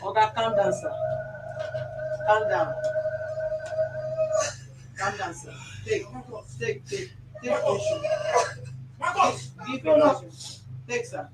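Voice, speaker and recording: A woman's voice: medium pitch, wildly swooping pitch, slow, long pauses, over loud music. A Nigerian woman hosting a mediation session, firm and lecturing, giving commands. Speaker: mediator host. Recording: roomy office sound from a distance.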